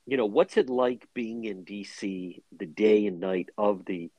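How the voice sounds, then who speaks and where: A man hosting a talk radio show, interviewing a guest in an animated, quick-talking way. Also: lowish voice, dry recording, dull audio.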